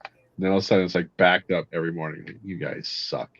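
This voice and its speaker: A man's voice: sits low, little pitch movement, rapid-fire, a little hiss or hum. A man, a Marine veteran, joking crudely in casual chat. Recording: dry, dull lo-fi sound.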